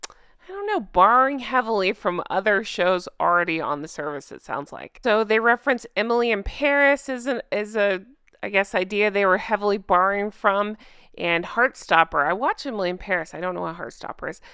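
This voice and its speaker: A woman vlogger talks straight into a close microphone in casual, sarcastic commentary. Her voice is smooth and clear, dry with no room sound, and she stays animated and laughs often. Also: medium pitch, fairly quick, no room sound. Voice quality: self-described drunk-goose voice.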